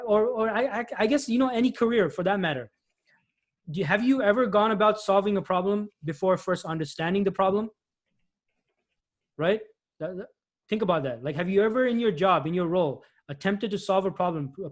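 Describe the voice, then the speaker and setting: A man presenting job search advice in an animated webinar talk, often restarting phrases and acting out customers' lines. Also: sits high. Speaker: guest speaker, IT recruiter.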